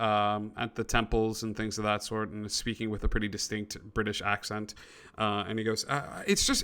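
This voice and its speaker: A man's voice: lowish voice, sharp tone, clean tone. A man narrating as game master of a tabletop game, in a loose way with many fillers.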